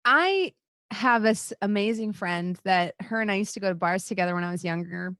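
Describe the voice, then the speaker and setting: A woman's voice: medium pitch, animated, moderate pace, a bit bright, no room sound. A woman in her thirties chatting casually as co-host, candid and swearing freely, laughing often. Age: 30s. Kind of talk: casual chat.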